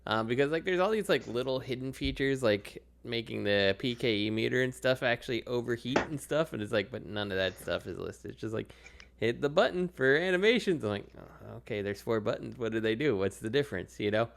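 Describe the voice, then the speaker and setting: A male podcast co-host in casual chat, rambling through his thoughts with lots of fillers. His voice is strongly gravelly with plenty of vocal fry, in a middle pitch. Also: a little fast, few pauses, noisy background. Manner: rambling, full of fillers, laughs easily.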